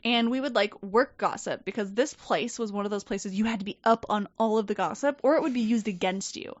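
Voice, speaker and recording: Woman, casual storytelling, animated, swears a lot, dry close sound, slightly muffled. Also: mid-range voice, fairly quick, no room sound. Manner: animated, profane, quotes people in lively voices. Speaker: podcast guest. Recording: dull, dry podcast mic.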